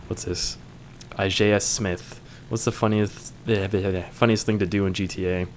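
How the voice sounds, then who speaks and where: A man's voice: sits low, steady tone, unhurried, slight background noise. A young man reading viewer questions aloud and answering them in a casual, joking way, swearing now and then.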